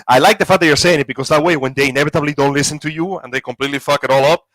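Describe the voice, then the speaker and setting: A man's voice: fairly high pitch, fairly even intonation, racing, a bit bright, dry recording, low-quality recording. A man co-hosting a casual live-stream chat, sarcastic and joking. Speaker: podcast co-host.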